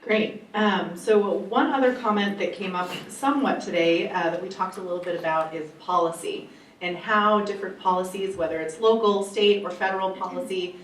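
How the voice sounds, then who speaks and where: A woman's voice: medium pitch, normal speed, slight background noise. A woman moderating a conference panel, framing the next question. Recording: roomy, distant mic, faint ambience.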